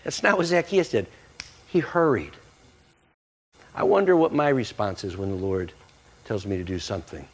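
Pastor preaching a casual, animated sermon with a very lively voice. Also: male voice, lowish voice, normal speed, pauses often, breathy edge. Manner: animated, conversational, jokey.

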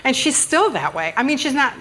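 A woman's voice: high-pitched, big pitch swings, fairly quick, very noisy. Chatty, joking woman preacher. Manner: humorous, self-deprecating, chatty with the congregation. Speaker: guest speaker preaching at church. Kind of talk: conversational sermon. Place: church sanctuary.

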